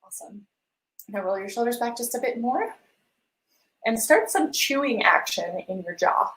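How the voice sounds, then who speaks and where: A woman vocal coach leading a live-streamed warm-up lesson, encouraging and gently guiding listeners through sung exercises. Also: fairly high pitch, expressive, moderate pace, poor audio. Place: home room with a piano.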